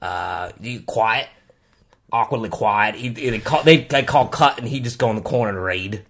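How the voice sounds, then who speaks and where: A man plays a rambling wrangler of mythical creatures. His voice sits a little low, and he stumbles through fillers and halting restarts. He drops "mate" and "oi" through an improvised comedy interview. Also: fairly bright tone.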